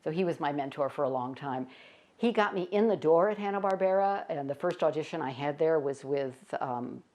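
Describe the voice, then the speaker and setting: A woman's voice: sits low, fairly quick, darkish tone. An older woman, a stage performer, telling stories in a casual interview and laughing often as she talks.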